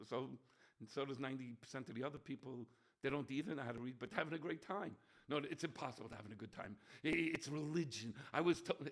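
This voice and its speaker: A man preaching a holiday sermon as a rabbi, animated, swinging between shouting and soft near-whispers. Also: a little high, fast. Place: room with bookshelves.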